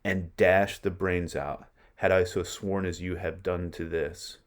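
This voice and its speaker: A man reading aloud as a ruthless, scornful noblewoman who goads her husband, in a slow, deliberate way. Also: sits low, little pitch movement.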